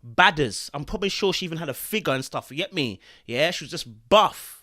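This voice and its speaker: Guy on his podcast, kinda high voice, preachy and emphatic, lots of slang and "you get me". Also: expressive, fairly quick, pushed and bright. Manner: preachy, emphatic, full of slang and check-ins. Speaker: podcast host. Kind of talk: opinionated podcast commentary.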